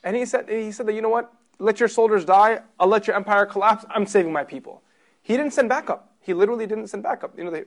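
A man teaching a religious class in a sermon style, emphatic, putting rhetorical questions to his listeners and moving between loud stress and soft low passages. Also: gravelly.

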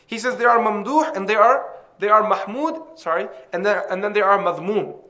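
A man's voice: high voice, moderate pace, bright, forceful tone. A man preaching a religious lecture to an audience, emphatic and impassioned, with Arabic quotations worked into his talk.

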